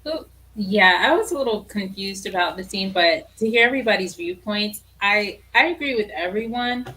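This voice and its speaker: Female panelist, blunt and exasperated, bright voice. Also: mid-range voice, animated, normal speed. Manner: frank, exasperated opinions. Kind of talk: casual podcast chat.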